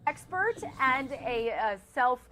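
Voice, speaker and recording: A woman reporting for the news, interviewing a guest in a clear, measured way. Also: high voice, lively intonation, bright, forceful tone, a little hiss or hum.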